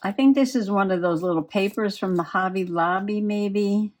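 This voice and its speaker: A woman's voice: mid-range voice, moderate pace, a little mellow. A woman chatting and giggling as she works on a craft project. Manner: chatty, giggly, talks while working. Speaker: crafting vlogger. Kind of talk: casual crafting chat.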